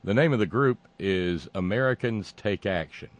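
With a fairly low, animated voice and no echo, a man delivers a sarcastic political commentary monologue. He mocks and meanders, pausing often and restarting his thoughts.

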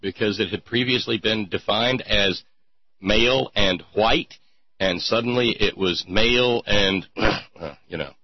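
A man's voice: lowish voice, unhurried, slightly rough, no room sound. A man hosting a sarcastic commentary show, rambling with lots of fillers. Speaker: host. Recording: dull lo-fi podcast mic.

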